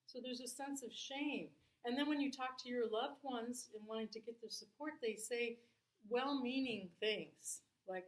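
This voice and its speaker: A woman's voice: fairly high pitch, unhurried. A middle-aged woman, a Buddhist teacher, giving a candid, personal dharma talk and asking her audience questions. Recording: roomy hall sound.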